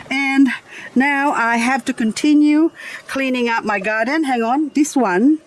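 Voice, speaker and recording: A succulent grower and channel host chats through a casual gardening vlog outdoors, moving plant by plant and laughing often. Her voice is a little high at a moderate pace, and the recording quality is low.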